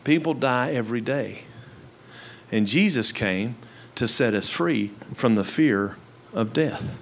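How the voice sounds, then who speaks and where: An older man preaching a sermon to his congregation on a handheld microphone. He swings from low, quiet asides to loud, emphatic lines. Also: expressive, takes it slowly. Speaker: pastor. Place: church with live congregation.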